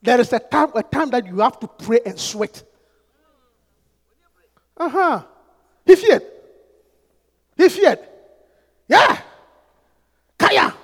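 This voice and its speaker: A man preaching a fervent sermon, swinging from hushed asides to shouted prayers and bursts of speaking in tongues. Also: very high voice, sing-song, takes it slowly, pauses often, slightly rough. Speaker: pastor. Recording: echoey hall with long reverb.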